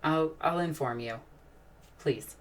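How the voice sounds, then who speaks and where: A woman's voice: low voice, takes it slowly, far from the mic, faint music behind. A woman hosting a casual live stream, chatting and answering questions from chat in a rambling, enthusiastic way, with frequent sighs and restarts.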